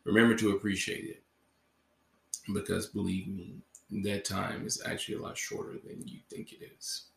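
Gravelly low-voiced man hosting a podcast. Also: fairly even intonation, normal speed. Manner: rambling, heavy on "like" fillers. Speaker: podcast host. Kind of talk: casual closing monologue. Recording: roomy echo.

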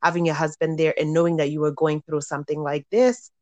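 A woman's voice: deep voice, little pitch movement, fast, darkish tone, no room sound. A woman hosting a casual panel discussion, thanking a guest and asking long, searching questions. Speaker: host.

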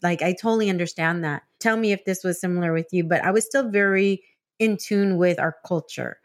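A woman from San Diego hosting a casual interview, chatty and animated as she tells stories with laughs. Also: on the low side, brisk. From San Diego, California. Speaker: podcast host.

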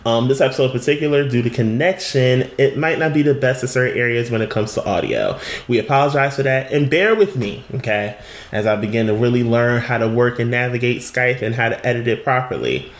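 A man co-hosting a podcast, his voice sitting at an ordinary middle pitch. He banters, teases and swears freely. The sound comes through a Skype call. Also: lively intonation, a little fast. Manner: playful, teasing, loose with profanity. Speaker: podcast co-host. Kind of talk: casual banter. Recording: uneven call audio.

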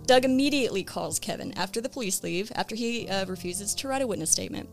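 Over soft background music, a woman hosting a true crime podcast tells a case casually, sprinkling in lots of ums and uhs. She talks fast in a mid-range voice, with few pauses.

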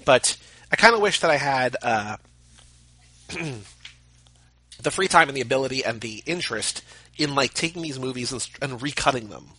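A man's voice: medium pitch, animated, moderate pace, pauses often, pushed and bright, breathy edge, low-quality recording. A man co-hosting a podcast, chatting casually about movies with jokey, rambling asides. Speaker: podcast co-host. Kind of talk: casual movie commentary chat.

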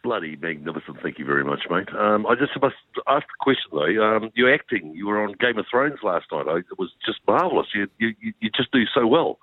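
A man putting on a deep, husky gushing caller. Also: very animated, fairly quick, dry recording. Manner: fawning, theatrical, stammering praise. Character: deep-voiced middle-aged male radio caller, gushing fan. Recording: tinny phone line.

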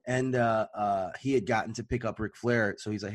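A man in his thirties co-hosting a podcast, telling a rambling, animated story full of fillers. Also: fairly low pitch, a little fast. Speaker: podcast co-host. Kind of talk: casual chat, storytelling.

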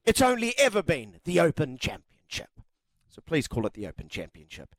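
A man's voice: a little high, wildly swooping pitch, moderate pace, soft background music. A man hosting talkback sports radio, chatting and reading out listener texts. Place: radio studio.

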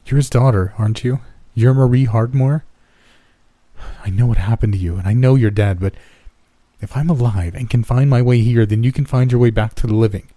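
A man's voice: fairly low pitch, lively intonation, a little fast, few pauses, warm tone, husky, dry recording. A man voicing a frightened young woman trapped in a nightmare, pleading and urgent.

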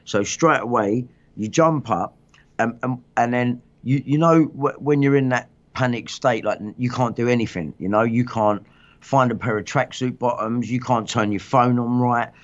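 A man's voice: mid-range voice, normal speed. A man hosting a livestream, telling his story in agitated, rambling casual chat full of swearing. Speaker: livestream host. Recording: dull lo-fi stream audio.

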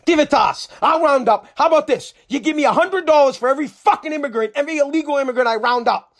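A man's voice: very high voice, fast talker. An American man hosting a podcast, delivering a heated, profane, combative rant on his own. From United States. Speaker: podcast host.

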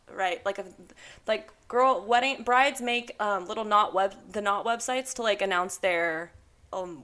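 A young woman hosting a podcast, chatting excitedly and giggling as she tells a story full of fillers. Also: medium pitch. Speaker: podcast host. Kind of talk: casual chat.

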